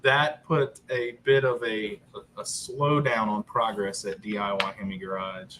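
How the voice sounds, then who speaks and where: A man in his thirties, a guest on a live chat show, telling a story in an animated, joking way with lots of fillers. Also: fairly low pitch, unhurried, slight background noise, rough recording. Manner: joking, upbeat about a grim story.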